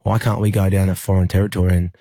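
A young Australian man, a rugby league player, telling a personal story in an interview, halting with many fillers and restarts. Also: deep voice, flat delivery, mellow, breathy edge, no room sound.

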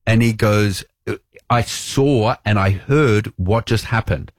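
A man's voice: a little slow, no echo, clean studio sound. A man co-hosting a radio show, telling a story casually, acting out the voices and laughing as he goes. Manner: animated, acts out quotes with shifting pitch.

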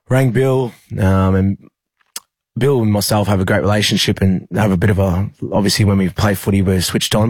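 A young Australian rugby league player tells a personal story during an interview, stumbling through it with lots of fillers and restarts. His voice is deep and slightly mellow, and the recording is dry.

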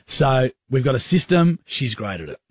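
Husky Australian radio bloke, rambling storyteller. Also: male voice, mid-range voice, very animated, normal speed, no room sound, clean studio sound. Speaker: radio co-host. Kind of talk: casual storytelling chat. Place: radio studio.

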